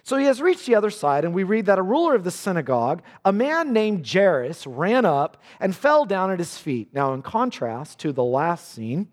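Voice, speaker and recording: A man preaching a sermon with passion, sometimes dropping suddenly to a quiet, low voice. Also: big pitch swings, moderate pace, few pauses, big-room sound. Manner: impassioned, with sharp drops to quiet. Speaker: pastor.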